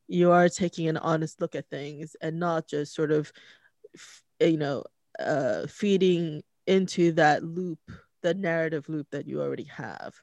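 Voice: mid-range voice, no echo. Podcast host, hesitant and reflective, dry close-miked voice. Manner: hesitant, many fillers and restarts. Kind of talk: casual conversation. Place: home recording setup.

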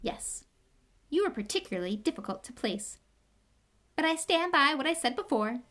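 A woman's voice: high-pitched, sing-song, moderate pace, fairly bright tone, voice pushed up. A woman reading aloud and voicing a sly, knowing talking magic hat that speaks smartly. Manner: smart, confiding.

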